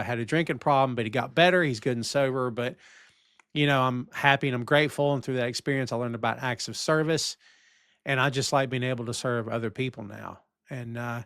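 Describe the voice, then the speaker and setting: A man's voice: mid-range voice, clear, resonant tone, dry recording, clean studio sound. A man hosting a casual review podcast, recapping scenes and acting out the characters' lines as he goes. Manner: animated recapping, acts out quoted lines. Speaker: podcast host.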